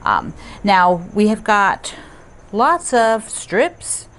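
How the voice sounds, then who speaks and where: A woman's voice: medium pitch, big pitch swings, extremely slow, a bit bright, slight background noise. Woman, quilting teacher, casual tutorial, chatty, upbeat, mid-range voice. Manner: chatty and upbeat, with asides and self-corrections.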